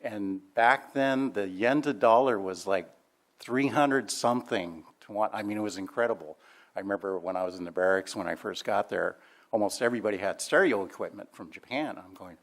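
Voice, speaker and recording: This older man's voice is fairly low and he talks fairly quickly while sharing memories of a family member. He laughs and chats his way through the anecdotes, with fillers scattered throughout.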